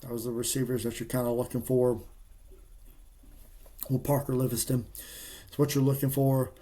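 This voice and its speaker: A man giving casual, emphatic college football picks in a folksy, excitable way. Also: mid-range voice, moderate pace. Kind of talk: casual sports picks monologue.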